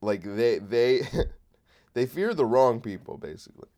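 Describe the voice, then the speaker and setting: A man's voice: medium pitch, lively intonation, measured pace, mellow. A man hosting a solo comedy podcast while sick, rambling and swearing in a sardonic rant. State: sick with a cold. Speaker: podcast host.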